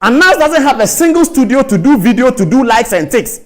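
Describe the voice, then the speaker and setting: Man, high pitch, lively swinging delivery, indignant, rhetorical commentary. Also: brisk. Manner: indignant, rhetorical, mimics others in quotes. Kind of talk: impassioned commentary.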